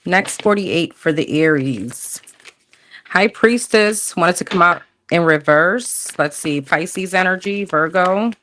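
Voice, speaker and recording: A woman's voice: on the low side, slow, fairly bright tone, a little hiss or hum. A woman casually chatting through a livestream tarot reading, slangy, thinking aloud as she pulls cards. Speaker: tarot reader.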